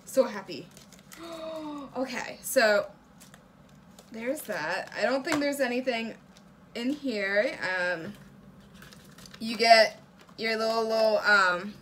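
Young woman vlogger, high and bouncy, unhurried chat broken by excited gasps and squeals. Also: a little hiss or hum. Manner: gasping, squealing with excitement, breathy asides. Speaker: reaction video host.

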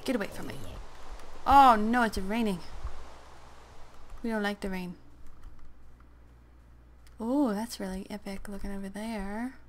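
Slow-talking woman playing a game. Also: medium pitch, steady tone, darkish tone, slight background noise. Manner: chatty, playful, talks to game creatures. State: sick, clearing throat. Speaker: gaming let's player. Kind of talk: casual gameplay commentary.

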